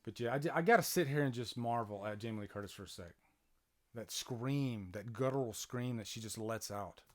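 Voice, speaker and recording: A man's voice: medium pitch, normal speed. A man talks through a movie on a casual live stream from his home. He rambles in a chatty way, full of fillers and restarts, and stops now and then to answer viewers. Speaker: channel host doing live movie commentary. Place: home, near a playing TV.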